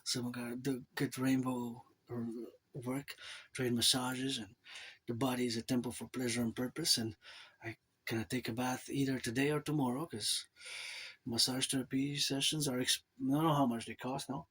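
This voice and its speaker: A man's voice: medium pitch, little pitch movement, moderate pace, a bit bright, slightly rough. A man from Montreal with a Quebec accent, talking in a loose, rambling monologue to camera and dropping asides like "eh?". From Canada. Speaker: vlogger.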